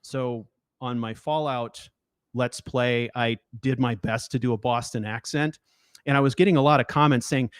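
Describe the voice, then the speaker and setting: A man speaking on an online panel about roleplay, halting and restarting often. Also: medium pitch, fairly even intonation, smooth, no room sound. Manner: halting, many restarts, acts out character voices. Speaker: panelist, let's-play roleplayer. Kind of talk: panel discussion.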